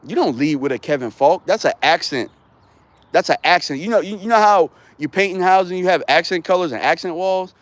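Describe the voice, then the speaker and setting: A man in his thirties giving casual, rambling football opinions on a live stream. His voice sits somewhat high and sounds dry and close, with no room echo. He talks in an animated, slangy way. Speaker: sports streamer.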